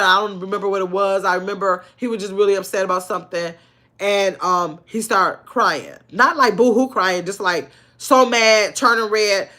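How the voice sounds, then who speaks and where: A woman's voice: mid-range voice, pushed and bright. An older woman hosting a casual livestream, chatting loosely and answering viewers' comments as they come in. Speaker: livestream host.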